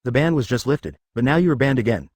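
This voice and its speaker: A man's voice: medium pitch, animated, fast, dry recording, studio quality, close to an everyday voice. A man reading the lines of a cheerful, talkative male ninja leader ghost who teases others, in a synthetic storybook voice. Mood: teasing. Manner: laughs loudly and teases.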